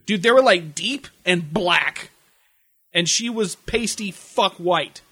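A man's voice: sits high, takes it slowly, bright, forceful tone, husky, no room sound. A young man telling crude, jokey stories in casual chat and breaking into exaggerated impressions. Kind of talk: crude comedic storytelling chat.

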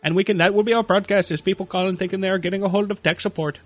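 A man's voice: sits high, fairly even intonation, racing, faint music behind. A man co-hosting a podcast, swearing and mocking in loose, joking banter. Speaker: podcast co-host. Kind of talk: crude comedic podcast banter.

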